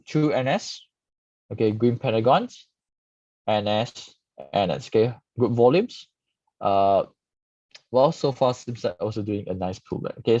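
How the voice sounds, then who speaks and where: With a medium-pitched, slightly mellow voice, a stock analyst host walks through charts live in a relaxed, explanatory way. He says "okay" frequently, and the recording sounds dull, lo-fi, and dry, with no room sound.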